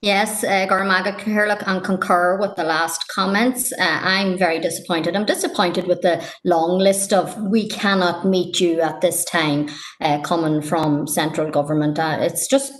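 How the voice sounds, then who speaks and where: Casual: northern irish lady councillor, fed up and emphatic, lowish voice, lots of uhs. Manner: frustrated, emphatic, halting with fillers. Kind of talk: council meeting debate.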